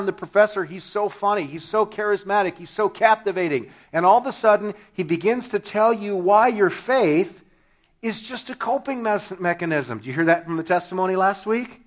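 A high-pitched man preaching a lively sermon in a church. He tells funny stories and bursts into shouted punchlines, laughing along with the congregation. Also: a little fast. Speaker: pastor.

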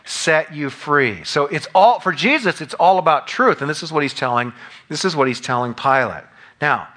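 Bright-voiced man preaching a sermon. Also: fairly high pitch. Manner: expository, reads scripture aloud and acts out scenes. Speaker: pastor.

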